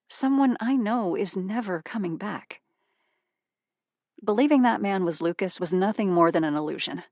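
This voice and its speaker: Low-voiced woman narrating a thriller. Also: dry recording. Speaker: audiobook narrator. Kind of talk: first-person thriller narration.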